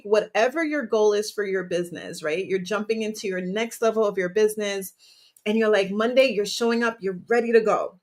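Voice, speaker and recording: A woman's voice: mid-range voice, fairly quick, a little mellow. A woman hosting her own podcast as a business coach, talking energetically to listeners in a motivational style and often asking them questions. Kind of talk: motivational solo podcast talk.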